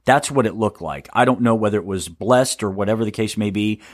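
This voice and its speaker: A man's voice: fairly low pitch, brisk, no room sound, clean studio sound. A man hosting a solo podcast, talking in a sarcastic, rambling way with stammers and laughs. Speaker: podcast host.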